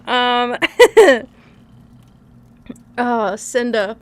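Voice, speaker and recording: A woman's voice: medium pitch, unhurried, long pauses, fairly bright tone, no room sound. A young woman streaming a video game, chatting casually with her viewers, laughing often and swearing freely.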